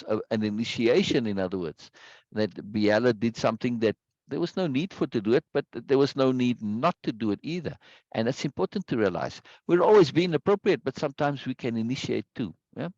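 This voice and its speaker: A man's voice: mid-range voice, no echo, dull audio. A man teaching a class over a video call, explaining patiently, drawing out words to stress syllables and often checking in with "right?". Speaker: teacher leading a book discussion. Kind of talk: online class discussion.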